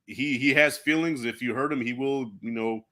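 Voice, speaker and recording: Bright-voiced man in casual movie chat. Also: mid-range voice, normal speed. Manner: loose and animated, laughs often, swears casually. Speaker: host.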